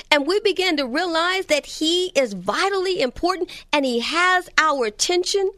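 Fervent high-voiced woman preaching. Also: fairly bright tone, no echo, studio quality. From Texas. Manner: fervent, storytelling, dropping to whispers. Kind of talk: sermon on prayer.

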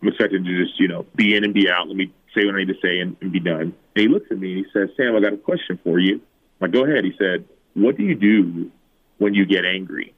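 Speaking at a quick pace, this man in his thirties, once a football player, recounts personal stories during an interview and voices the quotes he acts out at a higher pitch. The audio comes through a tinny, phone-like remote connection.

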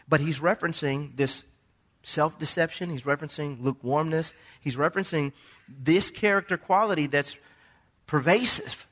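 A male pastor preaching a sermon in a church, calling for responses from the congregation and swinging from hushed tones to shouts. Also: fairly high pitch, normal speed. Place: church sanctuary during a service.

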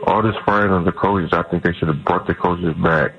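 A man's voice: sits low, steady tone, brisk. A man calling in to a sports radio show, earnest and rambling, circling back to the same point. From Cleveland, USA. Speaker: caller. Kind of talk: call-in sports radio talk. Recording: dull lo-fi phone call.

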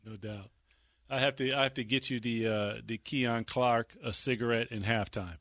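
A man's voice: mid-range voice, fairly even intonation, normal speed, fairly bright tone, dry recording, studio quality. A man hosting a casual chat, playful and hyped, talking in slang. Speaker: host.

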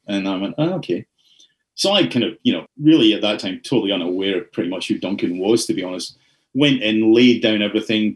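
A middle-aged man from Scotland with a Scottish accent, a podcast guest recounting career stories in a casual, animated way. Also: on the low side, poor audio. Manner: animated anecdotes with acted-out quotes. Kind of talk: casual storytelling interview.

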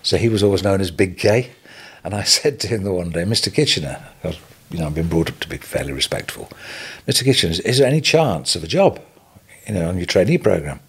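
A low, husky older man from England recounting his early working life as a podcast guest. His pitch swings widely as he tells animated anecdotes with a chuckle. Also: fast. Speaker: podcast guest, retail businessman. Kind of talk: storytelling interview.

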